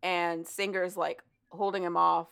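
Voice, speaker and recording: A woman's voice: on the low side, flat delivery, creaky, fairly bright tone, clear, resonant tone. A woman chatting casually with a friend, retelling a story and briefly quoting the characters in it. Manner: casual, profane, acts out characters in quick quotes.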